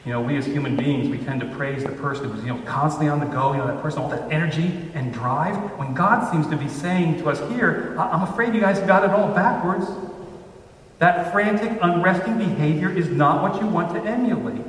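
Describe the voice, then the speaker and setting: Pastor preaching from far in an echoey church. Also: male voice, fairly high pitch. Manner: measured, with slow emphatic pauses on scripture. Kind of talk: sermon. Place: church sanctuary. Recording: roomy church hall from far off.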